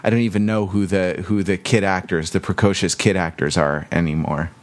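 A man co-hosting a casual chat, thinking aloud in halting phrases with frequent restarts. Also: sits low, fairly even intonation.

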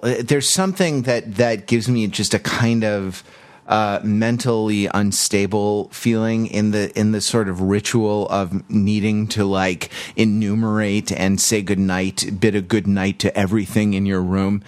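A man co-hosting a casual chat, thinking aloud in halting phrases with frequent restarts. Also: lowish voice, fairly even intonation, a little mellow, dry recording.

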